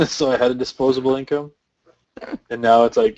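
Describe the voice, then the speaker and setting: A man's voice: mid-range voice, moderate pace, darkish tone, highs cut off. A young Canadian man hosting a casual livestream chat, laid-back and chatty, often trailing off. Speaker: host.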